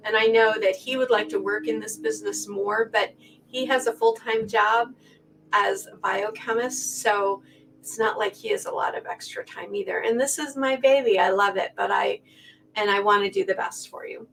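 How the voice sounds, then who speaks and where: A woman's voice: mid-range voice, fairly even intonation, normal speed, gravelly, fairly bright tone, a little hiss or hum. Chatty middle-aged woman, heartfelt. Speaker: quilting channel host. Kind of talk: casual talk to camera. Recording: voice a bit far from the mic.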